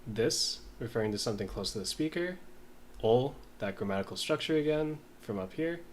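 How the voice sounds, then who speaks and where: A man in a casual study session, reading lines aloud slowly and mumbling as he writes and sounds out words. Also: medium pitch, animated, slight background noise. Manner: slow, mumbling while writing, sounds out words. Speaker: language learner.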